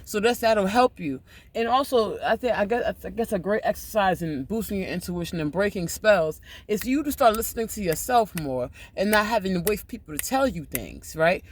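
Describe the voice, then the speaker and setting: A man hosting a casual livestream, talking loudly and emphatically with lots of swearing. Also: sits high, animated, moderate pace, slight background noise. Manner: loud, profane, emphatic. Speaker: livestream host.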